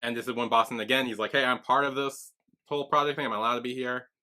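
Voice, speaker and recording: A man's voice: mid-range voice, fairly even intonation, fast, sharp tone. A man co-hosting a podcast, casually retelling scenes and acting out the characters' lines with frequent laughs. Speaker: podcast co-host. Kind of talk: casual recap chat.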